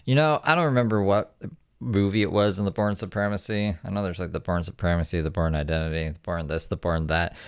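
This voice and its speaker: A man's voice: low voice, fast, smooth, no room sound, clean studio sound. A man chatting casually and telling rambling, profane, wry anecdotes. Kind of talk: casual chat, storytelling.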